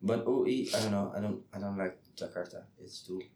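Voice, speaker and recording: A man from the Netherlands with a lowish voice chats in English in a loose, rambling way, stopping and restarting his sentences and laughing often. His voice carries a noticeably echoey, roomy sound. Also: fairly quick, a little mellow. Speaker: student. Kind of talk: casual chat.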